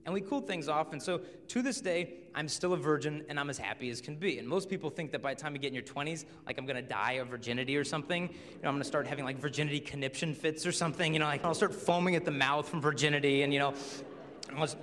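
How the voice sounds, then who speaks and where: A man's voice: a little high, quick pace. Jokey young man in a big hall. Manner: lively, jokey, acts out quoted people. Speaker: speaker on chastity and dating. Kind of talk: humorous storytelling talk to an audience. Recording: long hall reverb.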